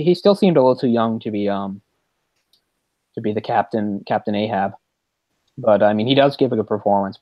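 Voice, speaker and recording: A man hosting a podcast, chatting casually about movies in a rambling, animated way with quick laughs. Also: lowish voice, dry recording, dull audio. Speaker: podcast host.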